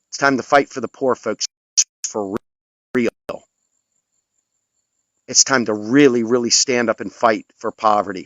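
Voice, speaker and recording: A man's voice: on the low side, fairly bright tone, no echo, muffled recording. A man delivering an impassioned political rant, angry, sarcastic and scolding toward his listeners. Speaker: political commentator.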